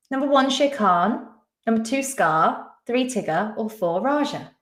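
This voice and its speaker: A woman's voice: high-pitched, unhurried, long pauses, fairly bright tone. A woman hosting a live-stream quiz, chatting casually and reading out viewers' names and answers. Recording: echoey room.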